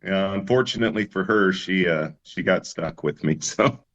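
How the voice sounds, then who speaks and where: A man's voice: low voice, normal speed, dull audio. A man, a musician guest, telling his story in an easygoing interview chat with many fillers and restarts.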